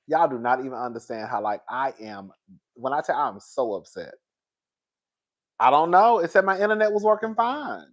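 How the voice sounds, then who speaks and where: A man's voice: mid-range voice, expressive, measured pace, long pauses. A man hosting a casual livestream, exasperated and repeating himself as he talks to his viewers. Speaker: livestream host.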